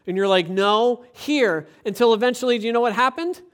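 High-voiced man preaching a lively sermon. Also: racing, smooth. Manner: lively, acts out quoted voices, rising to emphatic preaching. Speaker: pastor.

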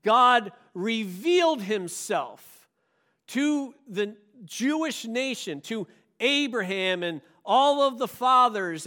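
Animated, bright-voiced male preacher. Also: very high voice. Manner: animated, emphatic, leads the congregation in call-and-response. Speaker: pastor. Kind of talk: sermon.

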